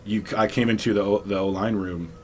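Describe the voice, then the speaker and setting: Man, deep low voice, casual storytelling, rambling, restarts, faint background hiss. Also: steady tone, a little fast. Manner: rambling, many likes and restarts, laughs often. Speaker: podcast guest, former football player.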